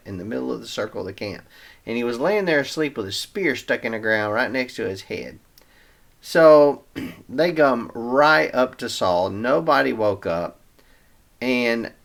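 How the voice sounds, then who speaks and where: A man's voice: medium pitch, gravelly, a bit bright. A man hosting a Bible reading show, retelling scripture in a casual, chatty way with everyday slang.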